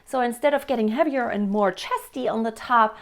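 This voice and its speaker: High-voiced woman vocal coach. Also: a little fast. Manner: explains plainly, breaks into sung demonstrations. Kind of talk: singing lesson.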